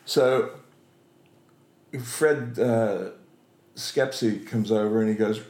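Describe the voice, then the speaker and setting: A man's voice: on the low side, slow, long pauses, echoey room. A man telling an anecdote as an interview guest, acting out the lines of the people in his story and laughing often. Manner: animated, acts out quoted voices, laughs often.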